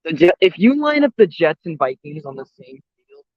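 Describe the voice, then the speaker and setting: A young man with a slightly high voice rants on a stream, blunt and full of swearing. His sound is dull and a bit lo-fi, with a dry close mic. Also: sing-song, normal speed, no echo. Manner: blunt, profane, opinionated sports talk. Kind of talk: casual chat. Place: outdoors. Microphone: voice call or stream mic.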